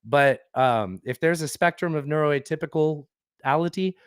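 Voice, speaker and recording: A man's voice: on the high side, measured pace, smooth, no room sound, studio quality. A man co-hosting a podcast, rambling and swearing freely as he reads a listener review aloud. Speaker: podcast co-host. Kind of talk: casual podcast banter.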